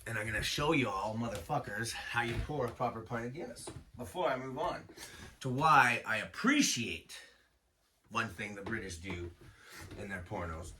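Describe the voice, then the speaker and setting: A man performing a raw, profane stand-up set on a small self-built stage, loud and animated. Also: on the low side, normal speed, recorded from a distance, a little hiss or hum. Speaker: stand-up comic.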